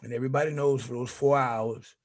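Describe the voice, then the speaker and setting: An older man, a grandfather, telling animated stories in casual chat, often restarting his sentences. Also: medium pitch, brisk, slight background noise. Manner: animated storyteller, many restarts. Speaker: guest.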